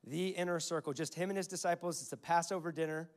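High-voiced man preaching a casual sermon. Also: fairly even intonation, fast. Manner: conversational storytelling, quotes scripture. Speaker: pastor.

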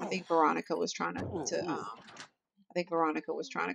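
Her voice is lowish, fast, creaky and husky, and the recording has its highs cut off. She hosts a casual let's-play video, chatting animatedly and addressing her viewers directly as "y'all."

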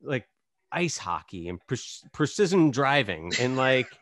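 A man's voice: mid-range voice, big pitch swings, unhurried, a bit bright, dry recording. Laid-back man hosting, dry close sound. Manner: easygoing, many fillers and restarts, laughs along. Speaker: podcast host. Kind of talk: casual interview chat.

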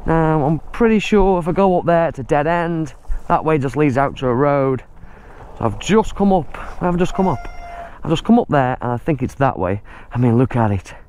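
A man's voice: fairly high pitch, lively intonation, moderate pace, darkish tone, a little hiss or hum. A man, out of breath, giving chatty running commentary while riding an e-bike through muddy woods outdoors. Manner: chatty, exclaims at the mud.

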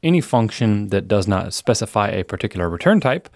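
A man teaching a programming lesson in a relaxed, explanatory way, reading the program output aloud as he works through the code. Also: fairly low pitch, fairly quick, dry recording, studio quality. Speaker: programming instructor. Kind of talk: screencast coding lesson.

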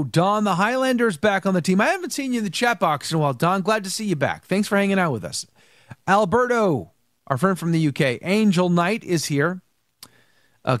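A man's voice: high-pitched, no room sound, studio quality. A man hosting a live news stream, nasal and congested from allergies, chatting casually and greeting viewers one by one. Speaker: host of a live news show.

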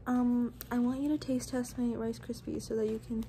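A woman's voice: a little high, little pitch movement, normal speed, background noise. A young woman, a student, chatting in a casual cooking vlog, mostly whispering in her home kitchen late at night. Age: young adult. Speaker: student vlogger.

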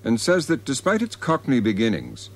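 A man narrating a documentary in a measured, expressive scripted delivery. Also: mid-range voice.

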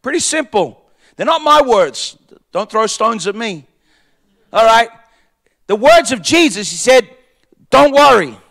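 A pastor delivers a sermon in a very high voice for a man. He repeats key lines for emphasis, rising to shouted points and then dropping to quiet, conversational asides. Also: sing-song, a little slow, pauses often. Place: church.

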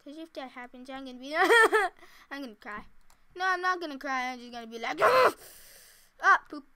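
A woman's voice: sits high, quick pace, pushed and bright, clean tone. A woman casually talking to herself while she plays a building game, chatty and giggly. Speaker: gameplay commentator. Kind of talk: casual let's-play commentary.

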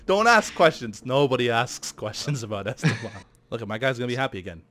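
A man's voice: mid-range voice, animated, fairly quick, fairly bright tone. A man hosting a casual racing-game commentary, joking and laughing with a co-host. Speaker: gaming channel host.

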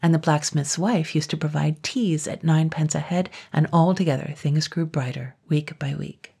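A woman narrating a classic children's story in a calm, even storytelling manner. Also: sits low, normal speed, creaky, breathy edge. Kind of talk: scripted narration.

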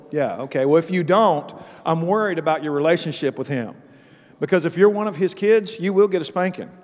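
High-voiced pastor preaching in a hall. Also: male voice. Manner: storytelling, animated and loud in acted-out parts. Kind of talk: sermon. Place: church sanctuary.

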